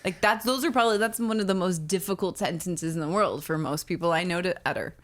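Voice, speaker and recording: A woman's voice: fairly low pitch, fast talker. A woman co-hosting a podcast in casual chat, blunt and candid, swearing for emphasis. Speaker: podcast co-host.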